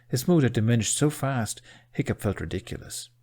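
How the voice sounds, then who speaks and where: A man narrating a fan fiction audiobook in an expressive storytelling manner. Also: medium pitch, brisk.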